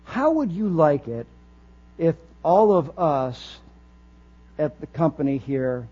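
High-voiced man preaching a sermon. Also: very animated, slow, warm tone, husky. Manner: earnest preaching with rising emphatic phrases. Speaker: pastor. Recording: dull lo-fi recording with faint mains hum.

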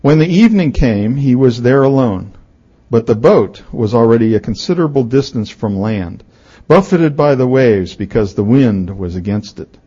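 A man's voice: mid-range voice, breathy edge. A male pastor reading scripture and preaching a sermon, telling stories expressively and acting out the characters' lines. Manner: expressive storytelling, voices the characters. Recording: dull lo-fi recording.

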